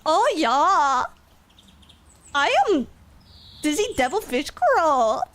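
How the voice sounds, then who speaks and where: Woman doing a silly fake swedish accent, singsongy and goofy, high voice. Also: very animated, extremely slow, a bit bright, heavily acted. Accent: put-on Swedish. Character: goofy young woman with a mock Swedish lilt.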